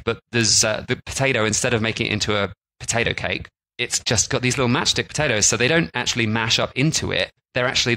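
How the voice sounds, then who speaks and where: Bright-toned man chatting casually. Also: medium pitch, low-quality recording. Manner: chatty, lots of "like" and restarts. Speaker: podcast co-host. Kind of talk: casual chat.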